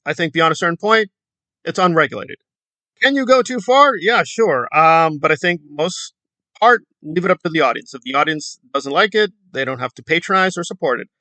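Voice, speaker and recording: A man with a bright, forward voice and a slightly raised pitch talks through commentary in a rambling, hesitant way. His sound is dry and close, with no room around it. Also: no echo. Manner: rambling, hesitant, with frequent fillers. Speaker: commentary YouTuber. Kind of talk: casual commentary.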